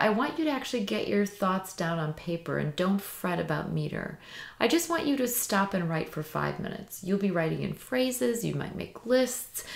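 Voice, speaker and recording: A woman teaching how to write poetry in meter, speaking in a measured way and slowing down to stress the syllables of the lines she reads aloud. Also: lowish voice, vocal fry, reverberant. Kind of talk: instructional lesson reading poems aloud.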